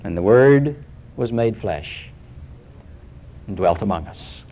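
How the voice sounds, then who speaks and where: A man preaching a sermon, swinging between soaring emphasis and hushed, low scripture quotations. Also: lively intonation, slow, a little hiss or hum. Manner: dramatic rises and drops, quoting scripture in a hushed low voice. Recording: dull lo-fi recording.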